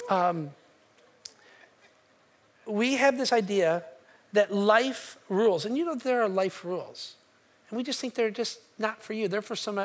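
A man's voice: high-pitched, a bit bright. A man preaching a sermon as a pastor in a church, talking conversationally and checking in with his listeners. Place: church sanctuary.

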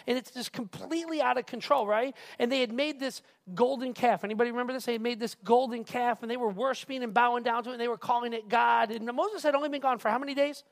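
A male pastor preaching a casual, animated sermon who keeps asking the crowd questions. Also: very high-pitched, fast, vocal fry, few pauses. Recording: reverberant hall.

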